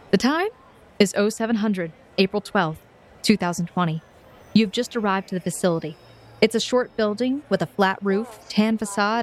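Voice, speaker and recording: A woman's voice: mid-range voice, slight background noise. A woman who runs a tabletop game as game master, narrating in a vivid, descriptive and playful way.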